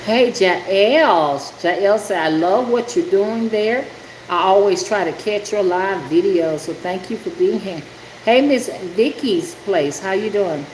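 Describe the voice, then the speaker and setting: In a mid-range voice, an older rootworker chats casually on her livestream from home, calling out viewers by name as she works with her hands. A roomy echo surrounds her voice, and an air conditioner's steady hum sits clearly underneath.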